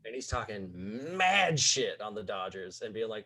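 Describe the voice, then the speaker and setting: A man's voice: fairly low pitch, big pitch swings, measured pace, pushed and bright. A young man from Missouri, a podcast guest telling a casual story, rambling with many "like"s and "um"s. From Missouri, USA. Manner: rambling, peppers speech with "like" and "um".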